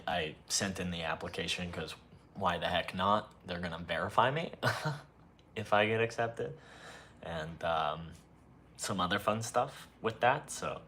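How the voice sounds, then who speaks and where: A young man hosting a solo podcast, talking softly and casually in a low-key, self-mocking way. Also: slight background noise. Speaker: podcast host.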